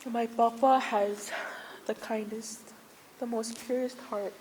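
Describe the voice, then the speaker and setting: A woman's voice: a little high, steady tone, slow, darkish tone. A woman giving a funeral tribute to her grandfather, holding back tears while telling funny stories about him. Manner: tearful yet humorous storytelling. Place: church service. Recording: echoey hall with faint noise.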